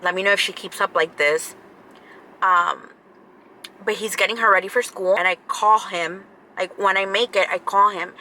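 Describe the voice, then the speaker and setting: A woman's voice: medium pitch, steady tone, normal speed, pushed and bright, slight background noise, low-quality recording. A woman in her thirties, a vlogger telling a story casually to camera, chatty and repeating herself for emphasis.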